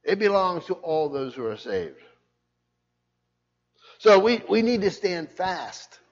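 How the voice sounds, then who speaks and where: An older pastor preaches with a fairly high voice, pressing his points hard and circling back over his words as he goes. The recording sounds muffled and low-fidelity. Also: big pitch swings, slow pace. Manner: repeats words and restarts, emphatic. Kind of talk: sermon.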